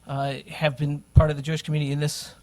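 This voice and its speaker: A man's voice: on the high side, monotone, fast talker, darkish tone. Indignant man testifying at a hearing. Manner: indignant, firm. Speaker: public witness.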